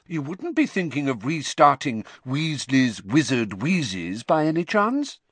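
A man's voice: on the high side, big pitch swings, measured pace, a bit bright, breathy edge, no room sound, voice pushed up, heavily acted. A man voicing a bustling, scolding mother who keeps her grown children in line. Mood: teasing suspicion. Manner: raised, fussing and shrewd.

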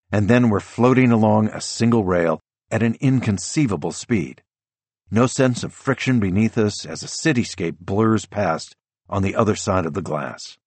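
A man narrating a first-person novel as an audiobook, measured and descriptive. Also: on the low side, husky, dry recording.

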